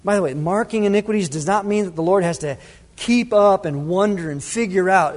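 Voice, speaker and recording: A male pastor preaching a sermon to his congregation, dramatic, swinging between loud emphasis and hushed asides. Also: high voice, a little fast. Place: church sanctuary. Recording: reverberant church hall.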